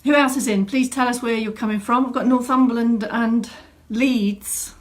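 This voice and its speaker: A woman's voice: on the high side, fairly even intonation, moderate pace. Woman instructor, chatty and welcoming, home studio live stream. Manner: chatty, greets viewers by name. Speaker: fitness instructor. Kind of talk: live online class welcome. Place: home room set up as studio.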